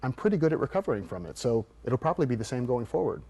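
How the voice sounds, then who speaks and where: Fast-talking man coaching guest. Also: mid-range voice. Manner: animated storyteller acting out quotes. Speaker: mental performance coach. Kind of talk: guest storytelling in an interview.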